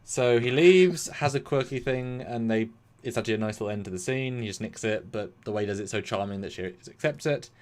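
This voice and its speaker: A British man co-hosting a casual episode review, animated, acting out quotes and swinging between loud and soft. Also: fairly low pitch, a little fast, few pauses. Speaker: podcast co-host.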